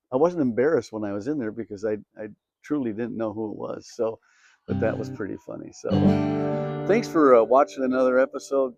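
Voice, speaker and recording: A man's voice: mid-range voice, darkish tone, dry recording. A middle-aged man from Minnesota, a country singer and host, telling a story in a chatty, self-amused way with lots of fillers. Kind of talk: casual storytelling to camera.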